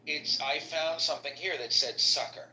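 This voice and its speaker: A man's voice: fairly high pitch, moderate pace, pushed and bright. A man hosting casual podcast chat, asking blunt, profane and sarcastic questions in an echoey room.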